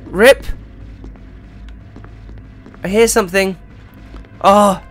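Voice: mid-range voice, steady tone, very slow, faint music behind. A game streamer giving live gameplay commentary, chatting to viewers and yelping when startled. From England. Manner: chatty, talks to the chat, yelps and shouts when startled.

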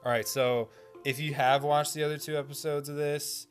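A man's voice: on the high side, flat delivery, normal speed, soft background music. A man hosting a let's play video, joking, laughing and reading game text aloud in casual commentary.

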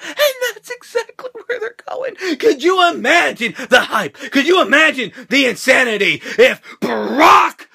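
Excitable, profane male host, very bright and sharp, high voice. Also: creaky, breathy edge. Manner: excitable, profane, laughing often. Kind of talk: casual chat.

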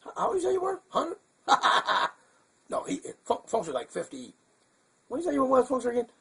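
A man's voice: very high-pitched, wildly swooping pitch, moderate pace, creaky, a bit bright, husky, pitched above the performer's own voice, exaggerated voice. A man voicing a goofy, confused male bird puppet who rambles in a muddled, chuckling way on a puppet comedy show. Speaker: hand puppet co-host.

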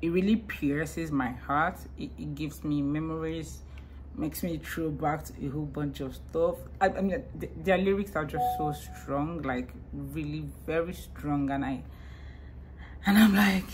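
A woman's voice: low-pitched, measured pace, a little hiss or hum. A young woman vlogging a music reaction in a casual, emotional, gushing way, full of "you know" and "like".

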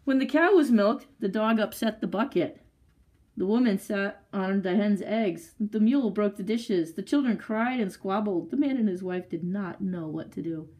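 A woman leading a library story time, reading a picture book aloud to children with expressive storytelling and chatty asides. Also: mid-range voice, moderate pace, poor audio.

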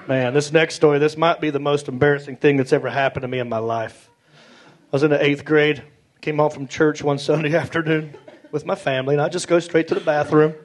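A middle-aged man with a Southern American accent, telling stand-up stories in a drawling, animated way. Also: a little high, brisk. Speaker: stand-up comedian. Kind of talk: stand-up storytelling. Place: comedy stage before a live audience. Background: audience laughter.

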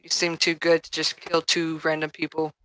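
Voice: mid-range voice, completely flat delivery, moderate pace, bright, forceful tone, no echo, close to an everyday voice, rough recording. A tabletop player voicing a curious female character who asks blunt, probing questions.

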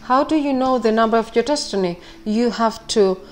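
Excitable woman giving a tarot reading. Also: on the high side, normal speed. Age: 40s. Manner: excitable, rambling, laughs often, keeps apologizing. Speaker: tarot reader. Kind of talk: casual spoken tarot reading.

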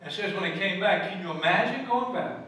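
A male pastor preaching a sermon and telling stories, his voice swinging from loud emphasis to hushed tones. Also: high-pitched, animated, a little fast, a little hiss or hum. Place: church sanctuary. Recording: echoey church hall from far off.

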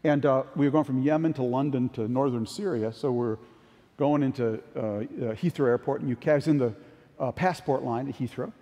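A man's voice: mid-range voice, brisk, warm tone. An older man giving a conference keynote talk, telling anecdotes in a conversational way. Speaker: keynote speaker. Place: large conference hall. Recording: long hall reverb.

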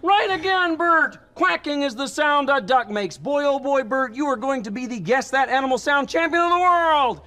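Ernie, a chipper puppet prankster. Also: male voice, extremely high pitch, normal speed, hardly any pauses, pushed and bright. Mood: teasing. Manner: chipper, teasing, sing-song. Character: cheerful playful male puppet, mischievous roommate. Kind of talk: children's TV puppet comedy.

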